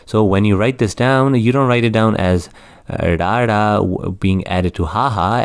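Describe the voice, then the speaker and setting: A man's voice: fairly low pitch, darkish tone, no room sound, clean studio sound. A man teaching the Punjabi script in an online lesson, explaining patiently and repeating words as he goes. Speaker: language tutor.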